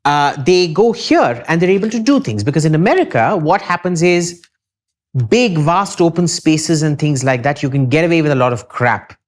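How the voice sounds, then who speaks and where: A man's voice: fairly high pitch, lively intonation, moderate pace. A man with an Indian accent, a podcast guest lecturing emphatically and with strong opinions in a casual discussion.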